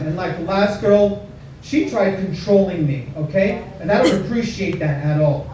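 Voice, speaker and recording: A man's voice: sits high, moderate pace, warm tone, slight background noise. A man performing a stand-up comedy set, self-deprecating and chatty, with frequent asides to the crowd. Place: comedy club stage. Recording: echoey club room, mic at a distance.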